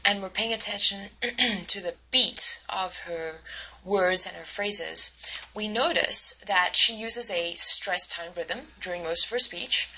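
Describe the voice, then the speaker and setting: A woman's voice: medium pitch, bright, forceful tone, rough recording. A woman instructor giving a recorded lecture, explaining step by step with fillers and self-corrections.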